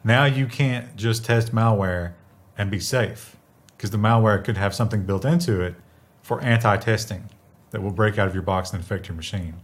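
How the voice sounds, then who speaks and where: A man co-hosting a tech news show, chatting in a wry way with quick asides. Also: on the low side. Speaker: show co-host. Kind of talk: casual tech news chat.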